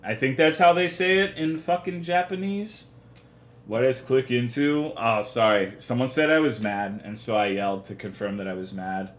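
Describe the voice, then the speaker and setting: A man's voice: medium pitch, fairly even intonation, moderate pace. A young man livestreaming, chatting casually with his chat in profane, rambling, half-joking rants. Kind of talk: casual live-stream chat. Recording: echoey room.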